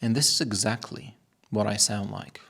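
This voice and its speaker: A man presents gear in a review vlog with playful enthusiasm. His voice sits on the low side, with a gravelly edge. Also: moderate pace, a bit bright. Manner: enthusiastic, playful demo talk. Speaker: tech reviewer.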